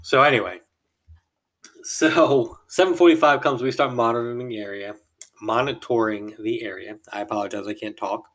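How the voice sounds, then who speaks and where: A man's voice: on the low side, a bit bright. A male podcast host telling a story in a loose, casual monologue, rambling and chuckling mid-sentence.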